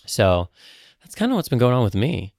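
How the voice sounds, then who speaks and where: A man co-hosting a podcast in a casual chat, upbeat and expressive. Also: medium pitch, normal speed, creaky, no echo, studio quality. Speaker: podcast co-host.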